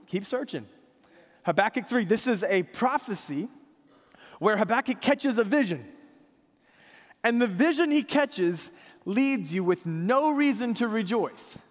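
A man pastor preaching a conversational sermon, drawing the congregation into responses and reading scripture aloud with them. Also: sits high. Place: church sanctuary. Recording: long hall reverb.

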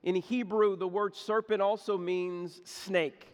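A man's voice: sits high, slow. A man preaching a sermon, telling a folksy story with lots of repetition and humor. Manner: folksy, animated storytelling, repeats words. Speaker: pastor. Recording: echoey hall.

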